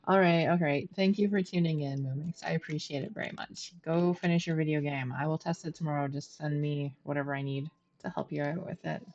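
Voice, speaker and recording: A woman's voice: low voice, fairly even intonation, brisk, a little mellow, highs cut off. A woman streaming a game, chatting and thinking aloud as she plays and talks to her viewers. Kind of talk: live gameplay commentary.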